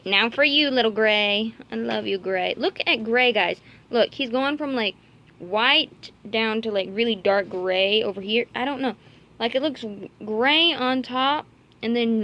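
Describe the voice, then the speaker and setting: A woman's voice: on the high side, fairly bright tone. A woman chatting casually in a home vlog, rambling and cooing to her pet rabbits while filming with a handheld camera. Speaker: vlogger.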